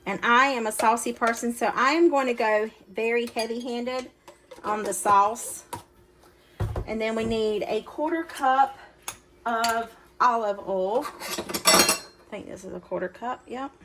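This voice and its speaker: A woman's voice: fairly high pitch, measured pace, a bit bright, slight background noise. Folksy woman cooking at home. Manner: chatty and folksy, talks straight to viewers. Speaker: cooking channel host. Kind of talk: casual cooking demonstration. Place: home kitchen. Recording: kitchen clatter of dishes and utensils.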